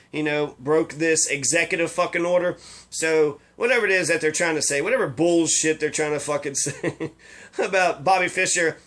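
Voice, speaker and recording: Man commentator, bright tense voice, rambling angry rant full of swearing. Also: on the high side. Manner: profane, indignant, rambling. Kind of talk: casual ranting monologue.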